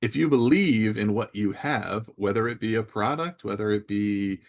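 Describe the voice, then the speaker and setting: Low gravelly-voiced male podcast host. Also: moderate pace. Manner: emphatic, builds points in lists. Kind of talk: conversational interview.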